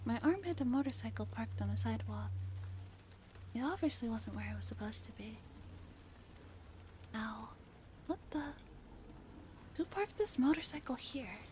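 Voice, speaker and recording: A soft-spoken woman reading a story aloud for a stream, often dropping to a whisper. Her voice is fairly high but mellow, and she takes her time. A faint hiss sits behind it. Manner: slips into whispers, chats with viewers.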